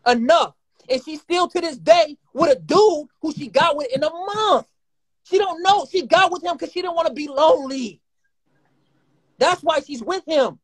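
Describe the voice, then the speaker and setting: A man in his twenties talking heatedly and rapidly as a guest in a live conversation, swearing often and rambling. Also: extremely high pitch. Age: 20s. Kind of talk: emotional live-stream conversation.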